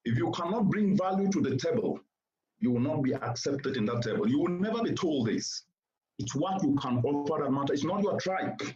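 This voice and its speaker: A man's voice: a little high, expressive, brisk, a little mellow, slight background noise. A man giving a formal keynote address to a seated audience, speaking in an oratorical, emphatic way and repeating points for stress. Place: conference venue before a seated audience. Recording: roomy, slightly dull sound.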